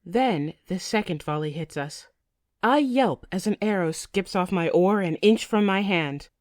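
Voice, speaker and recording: A woman's voice: fairly low pitch, measured pace, no room sound, studio quality. Woman narrating a tense saga in first person. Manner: vivid, tense storytelling. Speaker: audiobook narrator.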